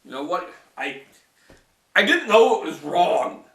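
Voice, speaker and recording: A man's voice: sits high, very animated, unhurried, a bit bright, heavily acted. A man voicing a weary, washed-up male cartoon star who moans and rambles in complaining rants. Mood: whiny. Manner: whiny, moaning, rambling rants. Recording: roomy echo from a distant mic.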